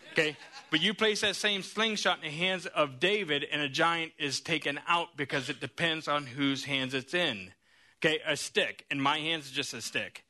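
A man preaching a sermon, telling Bible stories in an animated way and checking in with the congregation as he goes. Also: on the high side. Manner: animated storytelling with frequent "okay?" and "right?" check-ins.

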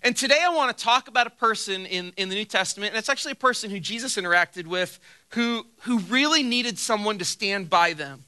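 A man's voice: sits high, a little fast, bright, forceful tone, smooth. A man preaching a sermon as pastor, telling a funny personal story with acted-out quotes before turning to scripture. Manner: storytelling with acted quotes and self-deprecating humor.

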